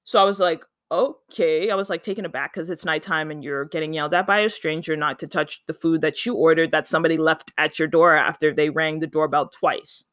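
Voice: mid-range voice, quick pace, few pauses, no room sound. Chatty storyteller, dry sound. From Canada. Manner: animated, chatty, acts out quoted dialogue. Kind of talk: casual storytime vlog.

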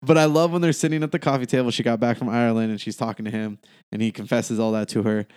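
A man's voice: medium pitch, steady tone, fast talker, a little mellow, clean tone, dry recording, clean studio sound. A man co-hosting a movie podcast in casual chat, who swears freely and acts out scenes he loves. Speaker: podcast co-host.

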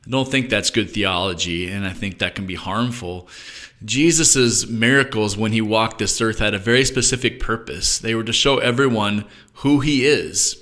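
A man's voice: lowish voice, moderate pace, bright, forceful tone. A man teaching a reflective Bible study, thinking aloud and often restarting his sentences. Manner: thoughtful, musing aloud with frequent restarts.

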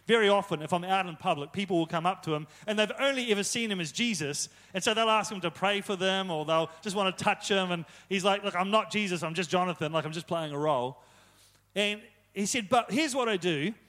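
A man's voice: high-pitched, a little fast, a bit bright. A young man preaching a casual, conversational sermon, retelling stories with joking asides.

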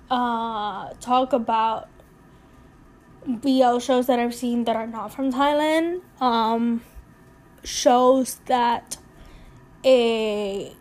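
A young woman with a notably high voice talks through a casual solo podcast episode. She rambles candidly, leans on fillers and restarts, and sounds emotional, close to tears. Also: a little mellow. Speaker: podcast host.

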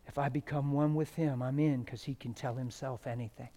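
A middle-aged man preaching a testimony sermon, swinging from loud shouted stretches to hushed, near-whispered ones. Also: mid-range voice, fairly even intonation, brisk.

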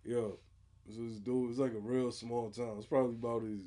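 A man co-hosting a podcast in relaxed casual chat, trading stories and agreeing often. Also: medium pitch, fairly quick. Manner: laid-back, frequent "word" and "yeah" agreement. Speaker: podcast co-host.

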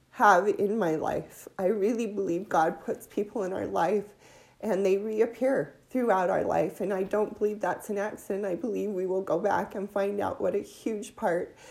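Woman, tearful religious testimony, slow and halting, mellow voice. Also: mid-range voice, vocal fry. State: emotional, near tears.

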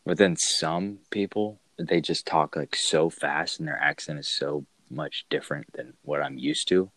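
A man's voice: rumbling low, steady tone, measured pace, fairly bright tone, no room sound. A man in casual chat who laughs easily and rambles through his stories with lots of fillers. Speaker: co-host telling work stories.

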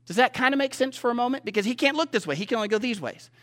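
A pastor preaches a sermon from a stage to a live audience, speaking conversationally and often asking listeners questions. His voice is extremely high-pitched, expressive and fairly bright, and he talks at a racing pace.

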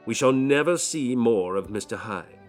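A man voicing a chatty, self-mocking gentleman in an audiobook. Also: mid-range voice, expressive, moderate pace, soft background music, lightly acted.

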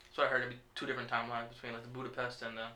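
Man, bright voice, echoey room. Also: medium pitch, monotone, rapid-fire. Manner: profane, rambling, stumbles on names. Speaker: podcast host. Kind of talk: casual chat.

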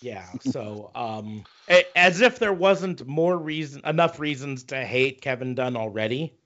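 A man co-hosting a casual wrestling podcast, ranting with a lot of swearing and halting restarts. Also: mid-range voice, animated, fairly bright tone, dull audio. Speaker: podcast co-host.

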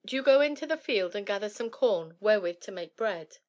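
A woman's voice: medium pitch, expressive, a little fast, a little mellow, lightly acted. A woman reading aloud voices a practical young bridegroom in a plain, decisive manner in a storybook. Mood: matter-of-fact.

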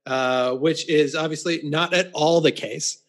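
A man co-hosting a podcast, chatting casually about a film with a wry, deadpan delivery and plenty of "uh" and "um". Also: fairly high pitch, measured pace. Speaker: podcast co-host.

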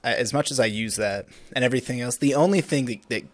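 A man's voice: mid-range voice, fast talker, no echo. A young adult man chatting casually as a guest, laid-back, laughing often and leaning on fillers. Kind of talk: casual podcast chat.

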